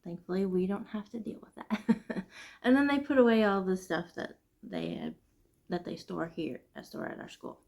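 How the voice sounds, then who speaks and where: A woman hosting a casual knitting vlog, chatting and venting in an animated, chatty way. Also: medium pitch, normal speed. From Midwest United States. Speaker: knitting podcast host. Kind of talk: casual chat.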